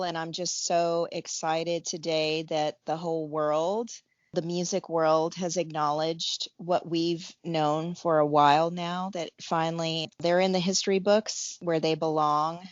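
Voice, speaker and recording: A woman co-hosting a fan podcast, speaking in a heartfelt, unhurried way. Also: sits low, dry recording. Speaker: podcast co-host. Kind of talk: casual fan podcast chat. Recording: dull lo-fi dry recording.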